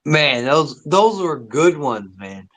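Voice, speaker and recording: A man's voice: fairly high pitch, big pitch swings, takes it slowly, a bit bright, poor audio. A man in a casual chat, reminiscing and laughing, peppering his talk with "dude" and "man". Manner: nostalgic, says "dude" and "man" a lot, laughs often.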